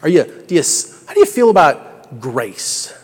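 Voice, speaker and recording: A man's voice: on the high side, big pitch swings, voice pushed up. A bureaucratic supervisor at heaven's gate, voiced by a preacher, stumbling over his questions with sighs and restarts. His voice carries a long church-hall echo. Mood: fumbling. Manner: halting, fumbling questions. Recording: echoey hall with long reverb.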